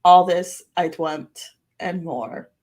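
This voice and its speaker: A woman plays an ancient prophetess with a put-on Boston accent. She recites ominous dreams slowly and creepily in a lowish voice, dragging out each line. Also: a little mellow. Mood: eerie. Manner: slow, creepy, drawn-out recitation.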